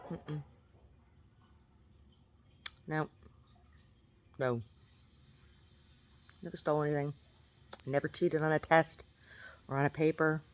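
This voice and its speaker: Speaking slowly with frequent pauses, this woman keeps her voice low and barely moves in pitch. She's a middle-aged vlogger chatting to her camera, wandering from story to story, laughing at herself, and often repeating words or beginning again.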